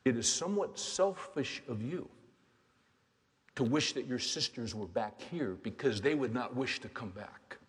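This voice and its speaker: A man preaching a sermon as a pastor, dropping to quiet, hushed lines and then rising to loud, fervent exhortation. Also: medium pitch, lively intonation, a little slow. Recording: long hall reverb.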